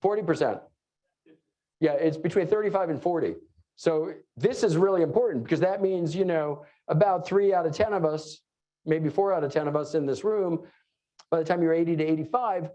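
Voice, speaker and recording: A middle-aged man from New York City with a New York accent, giving a fast, joking conference talk full of fillers. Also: a little high, dark tone. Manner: fast-talking, joking asides, many fillers. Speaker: conference lecturer. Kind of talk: live conference presentation. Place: conference room before an audience. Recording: dull lo-fi room recording.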